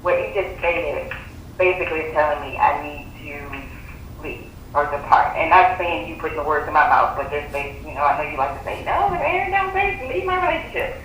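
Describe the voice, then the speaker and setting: A woman's voice: low-pitched, steady tone, a bit bright. Hesitant woman calling in, distant echoey phone, a bit of hiss. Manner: hesitant, halting. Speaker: caller. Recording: distant echoey phone line with faint noise.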